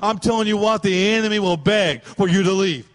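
Animated high-voiced preacher in a reverberant hall. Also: male voice, a little fast. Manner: animated preacher acting out voices of God and Pharaoh. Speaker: pastor. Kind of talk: sermon. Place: church sanctuary. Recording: church hall with long reverb.

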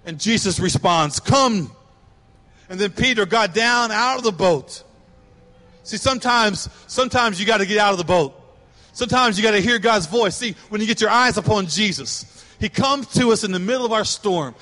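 A man's voice: high voice, moderate pace, sharp tone, in a large hall. A man preaching a sermon, emphatic and repetitive, swelling to passionate cries. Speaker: pastor.

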